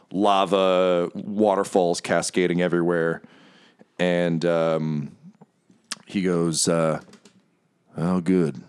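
Deep-voiced casual game master. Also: male voice, darkish tone, clean tone. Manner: rambling, casual, full of fillers. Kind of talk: narrating a tabletop game.

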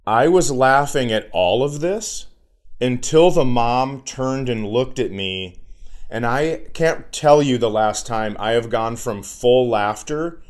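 A man's voice: mid-range voice, slow. A man in his forties, a podcast co-host telling a comedic story in casual chat, acting out the people in it. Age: 40s. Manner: animated storyteller, acts out voices.

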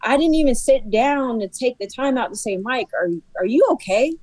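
A woman's voice: on the high side, animated, normal speed, darkish tone, no echo, poor audio. A young woman talking as a guest in a casual chat, heartfelt and rambling, with lots of filler likes. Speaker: guest, host's sister.

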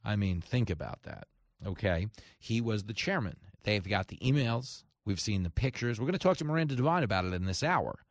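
A man's voice: fairly low pitch, lively intonation, fairly quick, no echo, clean studio sound. A man hosting a talk radio show, delivering an emphatic, sarcastic monologue.

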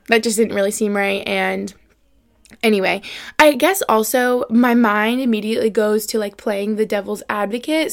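Chatty young woman podcaster, fillers galore. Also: on the high side. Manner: rambling and chatty, many "like" fillers; earnest and emotional. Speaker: podcast host. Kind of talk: casual solo podcast chat.

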